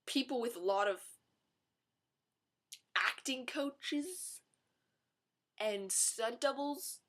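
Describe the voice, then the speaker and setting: Woman, fairly high voice, sarcastic, rambling, chatty movie review vlog. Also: very slow, fairly bright tone.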